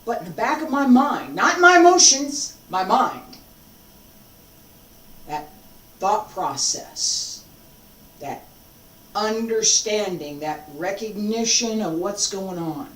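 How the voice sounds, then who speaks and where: An instructor speaks slowly and emphatically about determination, with a lively pitch that rises and falls. Phrases get repeated for force. The mic sits far back, so the voice sounds distant and roomy. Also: a little hiss or hum. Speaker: martial arts instructor. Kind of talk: unscripted teaching talk.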